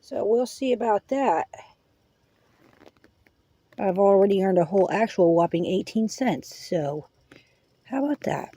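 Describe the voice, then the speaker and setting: A woman's voice: medium pitch, animated, unhurried, long pauses, warm tone, breathy edge, no room sound. A woman hosting a casual live-stream hangout, rambling in a folksy way and dropping prayerful asides. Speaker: livestream host.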